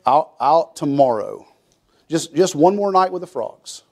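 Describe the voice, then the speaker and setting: Pastor guy preaching, folksy, acts out the quotes, kinda high voice, trips over his words a lot. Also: moderate pace. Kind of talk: sermon.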